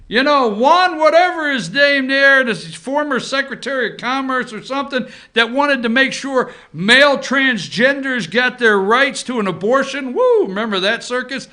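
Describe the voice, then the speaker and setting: Animated high-voiced male talk host. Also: moderate pace, hardly any pauses. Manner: animated, sarcastic, swings from loud to muttering. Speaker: host of an opinion show. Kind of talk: casual political commentary.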